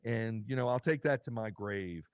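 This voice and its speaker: In his studio, a male podcast host talks through a casual solo vodcast, rambling with restarts and filler words while choked up with emotion. The voice is medium-pitched and smooth at a moderate pace, with no room sound.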